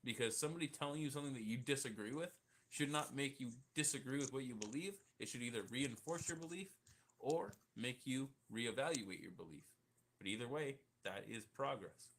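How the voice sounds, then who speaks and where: A man with a bright, forceful voice talks through his ideas in a loose, rambling way, swearing as he goes. He is in a casual debate heard over a video call. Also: mid-range voice, fairly quick, a little hiss or hum. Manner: rambling, swears, thinks aloud.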